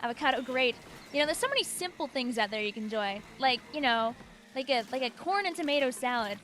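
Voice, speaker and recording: A woman's voice: on the high side, a bit bright. A woman from New York with a Long Island accent, chatting casually with her livestream viewers while she plays, rambling and answering their messages aloud. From New York, USA. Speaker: streamer.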